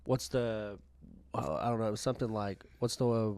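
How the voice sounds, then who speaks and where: A man's voice: fairly low pitch, normal speed, darkish tone, clear, resonant tone. A man co-hosting a podcast who chats casually and throws in jokes. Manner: joking banter. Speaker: podcast co-host. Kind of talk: casual chat.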